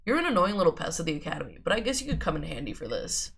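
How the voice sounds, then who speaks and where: A woman with a sore throat reading the lines of an aloof teenage boy in a flat, nonchalant way. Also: deep voice, very fast, creaky, slightly rough, exaggerated voice. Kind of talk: reading game dialogue aloud.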